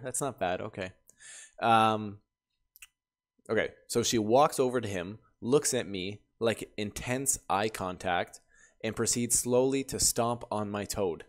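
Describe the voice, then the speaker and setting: A man reads stories out loud in a mid-range voice, neither high nor low. He keeps stopping to react with bursts of excited, laughing commentary before picking the story back up. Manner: animated, laughing reactions between readings. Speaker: YouTuber reading Reddit stories. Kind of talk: reading stories aloud with commentary.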